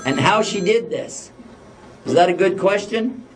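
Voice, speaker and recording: A man's voice: high voice, expressive, measured pace, slight background noise. A man giving an Islamic lecture to a live audience, joking and putting questions to the listeners. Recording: voice a bit distant from the mic.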